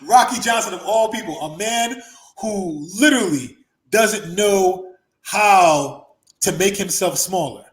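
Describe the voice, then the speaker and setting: A man hosting a podcast, telling profane, animated stories, laughing often and acting out the people he quotes. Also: high voice, measured pace. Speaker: podcast host and former wrestler. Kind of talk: casual storytelling chat. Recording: roomy echo.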